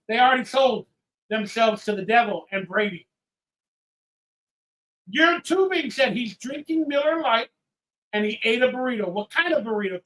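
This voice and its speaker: A tipsy man hosting a live watch-party stream, ranting and swearing, swinging from loud outbursts to low mutters. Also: unhurried, pauses often, low-quality recording. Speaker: livestream host. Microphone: headphones with mic.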